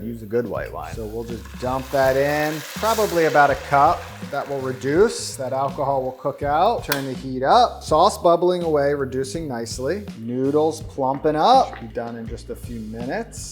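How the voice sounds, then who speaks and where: A man with a mid-pitched voice hosts a casual cooking demonstration in his kitchen. He talks through each step in an upbeat, chatty way and jokes as he goes. Soft music plays underneath. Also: animated, moderate pace, few pauses. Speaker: cooking show host.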